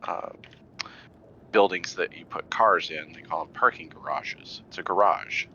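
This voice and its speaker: A man with a very deep, gravelly and bright-edged voice tells chatty stories over a dull, lo-fi voice chat. Faint noise runs under his voice. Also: unhurried. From Indiana. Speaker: guest player. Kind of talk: casual gaming chat.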